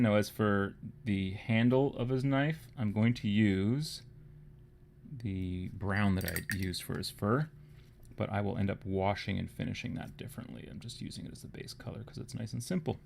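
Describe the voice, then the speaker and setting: Laid-back male painting host, low gravelly voice, musing aloud. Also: moderate pace, slight background noise. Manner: relaxed, thinking aloud, drops to murmurs. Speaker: miniature painting streamer. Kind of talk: casual live painting tutorial.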